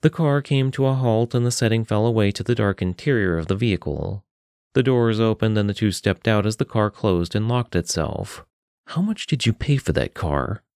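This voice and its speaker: Guy reading a story for a podcast, deep and gravelly, dry close sound. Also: moderate pace, a little mellow, no room sound. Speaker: podcast narrator. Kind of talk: scripted narration.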